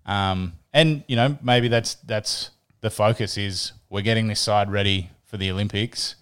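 A man's voice: lowish voice, steady tone, unhurried, a bit bright, smooth. A man co-hosting a sports podcast, chatting casually and often repeating words as he thinks. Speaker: podcast co-host.

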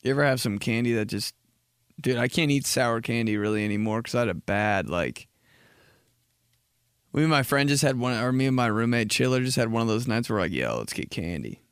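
A young man hosting a podcast, rambling through a comic story and dropping into slow, low voices when he quotes people. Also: clean tone, no room sound, studio quality. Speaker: podcast host. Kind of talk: casual comedic monologue.

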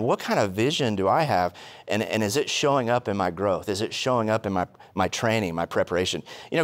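A man preaching a sermon, telling stories with quick humorous asides and rhetorical questions. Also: medium pitch. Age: adult, past college. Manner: animated storytelling with asides. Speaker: pastor.

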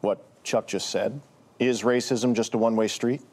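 An actor playing a smooth, pushy male host of a TV panel show in a drama. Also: mid-range voice, steady tone, moderate pace, darkish tone, close to an everyday voice. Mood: needling. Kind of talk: TV drama acting.

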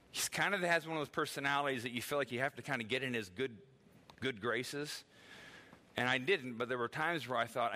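A middle-aged male pastor gives a sermon in a bright, forward voice. He talks to the congregation like a conversation, acting out the voices of people he quotes, and laughs now and then. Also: mid-range voice.

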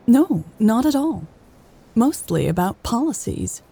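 A woman's voice: a little high, sing-song, measured pace, creaky, mellow, slightly rough, voice pushed up, heavily acted. A woman reading an audiobook and voicing Elle, a playful adult woman who teases and scolds a dog. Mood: cheerful. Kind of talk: audiobook character voice.

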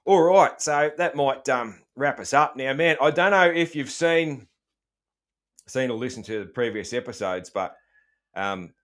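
A man's voice: mid-range voice, lively intonation, measured pace, fairly bright tone. A middle-aged Australian man hosting a casual chat, joking around and swearing freely, with plenty of ums. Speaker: podcast host.

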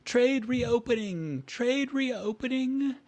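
Male GM as a loud, singsong dock hawker pitched well above his usual voice. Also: expressive, slow pace, exaggerated voice. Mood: hawking. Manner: calling out, singsong. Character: man working as a dockside barker.

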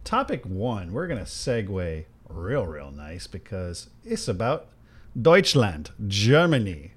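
A man co-hosting a podcast, talking in a rambling, sarcastic, animated way. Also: on the low side, slow pace, husky. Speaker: podcast co-host. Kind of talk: casual chat.

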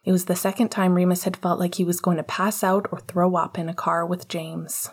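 A woman reading an audiobook in steady, measured narration. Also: fairly low pitch, breathy edge. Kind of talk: scripted narration.

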